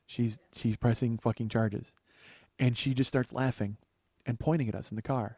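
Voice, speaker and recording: A man's voice: mid-range voice, flat delivery, normal speed, warm tone, no echo. A male comedian hosting a podcast, telling a profane story into a studio microphone. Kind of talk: storytelling monologue.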